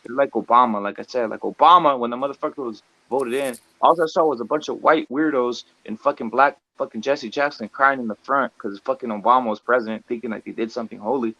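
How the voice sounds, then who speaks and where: A man rambles through a casual livestream chat, swearing constantly and tossing in "bro" and "dude". His voice sits at an ordinary middle pitch. The sound is close and dry, with no room around it. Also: fast, few pauses, sharp tone, dry recording, muffled recording. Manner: rambling, heavy swearing, lots of 'bro' and 'dude'. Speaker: livestream co-host.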